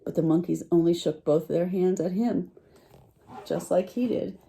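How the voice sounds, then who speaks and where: A woman teacher reading a picture book aloud to children, animated and full of questions for her listeners. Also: fairly low pitch, moderate pace, gravelly, slight background noise. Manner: animated, asks listeners questions, lively voice swings.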